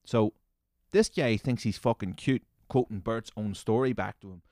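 A man hosting a comedy podcast, ranting sarcastically with lots of swearing and sudden loud mocking bursts. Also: medium pitch, lively intonation, measured pace, dry recording, clean studio sound.

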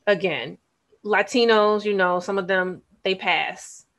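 A woman's voice: mid-range voice, slow, fairly bright tone. A woman co-hosting a casual talk show, blunt and candid, laughing as she talks. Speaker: podcast co-host. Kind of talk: casual chat.

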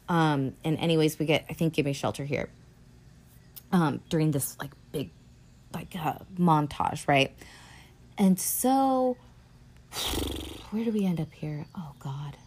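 A woman's voice: lowish voice, a little mellow. A woman hosting a podcast, recapping a film in a chatty, profane way and acting out lines from it. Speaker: podcast host.

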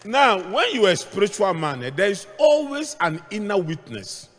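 A middle-aged male pastor preaching a sermon, moving between hushed asides and shouted points as he tells stories. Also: high-pitched, huge pitch swings, normal speed. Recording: long hall reverb.

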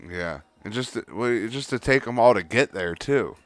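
A man's voice: medium pitch, lively intonation, moderate pace, dry recording. A man co-hosting a podcast, laid-back and agreeable, swearing casually. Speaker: podcast co-host. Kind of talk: casual chat.

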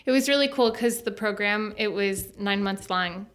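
A woman's voice: mid-range voice, moderate pace. A young woman from Minnesota with a Minnesota accent, a podcast guest telling stories in casual chat, full of fillers. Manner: chatty, animated storytelling with many fillers.

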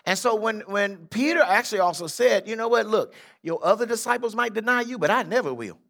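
An older man, a bishop, preaching a lively sermon and acting out Bible figures in street slang. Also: high voice, a little fast, creaky. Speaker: pastor. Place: church sanctuary.

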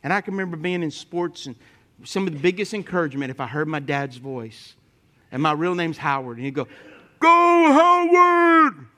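Animated male preacher telling stories. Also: brisk. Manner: lively storytelling with humor, speaking to the congregation; swings from loud emphatic points to quiet, low asides. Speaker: pastor. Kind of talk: sermon.

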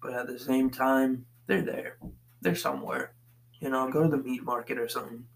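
A man from the Boston area talking to himself on a laid-back solo podcast, recorded while he paces around a basement. He wanders from one thought to the next, swears in almost every sentence, and speaks at an ordinary, mid-range pitch. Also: little pitch movement, moderate pace, poor audio. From Boston area, USA. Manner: profane, meandering, swears constantly. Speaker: podcast host. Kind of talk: casual solo podcast rambling. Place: basement, pacing back and forth.

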